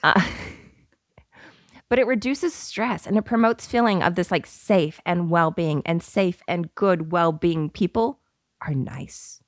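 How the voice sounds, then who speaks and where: A woman's voice: lowish voice, takes it slowly, no echo, studio quality. A woman in her thirties, a podcast co-host, chatting casually in a bubbly, giggly, rambling way. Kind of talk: casual chat.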